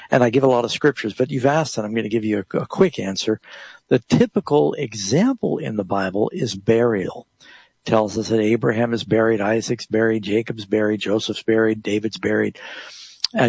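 A man's voice: fairly low pitch, vocal fry, husky, dry recording. A man hosting a Bible call-in radio show, explaining scripture plainly to callers and reading passages aloud. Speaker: radio Bible program host.

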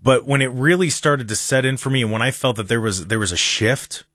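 A man's voice: mid-range voice, a little fast, fairly bright tone, no room sound, clean studio sound. A man hosting a talk show in casual chat, earnest and prone to repeating words as he talks. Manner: earnest, repeats and restarts words when talking. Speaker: radio talk show host.

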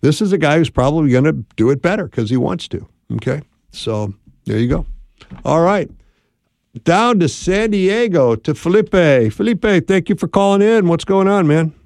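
Upbeat radio host, dry studio sound. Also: male voice, on the high side, animated, normal speed, a little mellow, no room sound. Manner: upbeat, encouraging, conversational. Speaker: radio call-in show host. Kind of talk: call-in radio advice.

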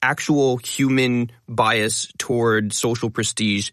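Guy explaining stuff fast, kinda low voice, dry close mic. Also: a bit bright, no room sound. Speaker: guest, linguist and educational video creator. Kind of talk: casual interview chat.

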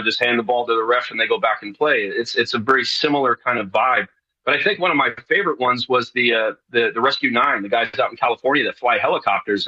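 A man's voice: medium pitch, bright, forceful tone, breathy edge, highs cut off. A middle-aged man from New York, a guest on a radio talk show, rambling casually with many fillers and restarts.

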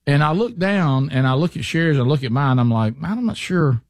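A man's voice: mid-range voice, expressive, fast, no echo. Chatty man hosting radio. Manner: chatty storyteller, frequent restarts and fillers. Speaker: radio show host. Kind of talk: casual talk radio chat and live ad read.

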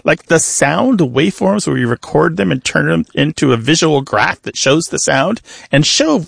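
A man's voice: a little high, expressive, normal speed, creaky, husky, no echo. A man co-hosting a call-in radio show, explaining language to callers patiently and with examples. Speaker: radio show co-host, linguist.

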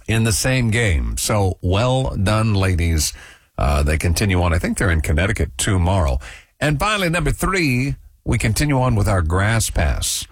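A man hosting a morning radio show, chatting in a lively, joking way. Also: on the low side, a little slow, no echo, studio quality.

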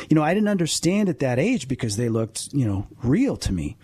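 A man's voice: medium pitch, big pitch swings, brisk, darkish tone, breathy edge, no room sound. A man in his fifties, a paranormal investigator and medium, telling a story earnestly and with animation as a radio guest. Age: 50s.

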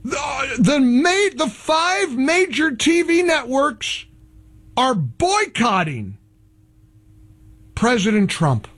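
A man hosting a talk radio show, delivering political commentary in a heavily sarcastic, mocking manner. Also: sits high.

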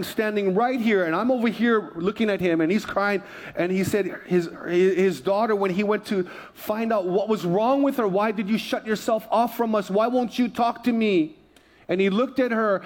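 A pastor with a fairly high voice preaches from a church stage. He tells his story in a loose, conversational way, full of asides and quick laughs. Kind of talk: sermon. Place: church sanctuary.

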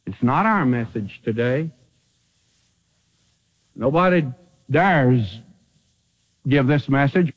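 A man preaching a sermon with dramatic swings from loud declarations to hushed asides. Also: mid-range voice, lively intonation, slow, pauses often, muffled recording.

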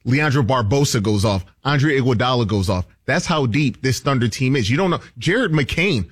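A man co-hosting a sports talk show. He breaks down a team with animated energy. His voice is a little husky, and the sound is dry. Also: medium pitch, normal speed, no echo. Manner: animated, runs through lists of players. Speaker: show co-host. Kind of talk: casual sports radio talk.

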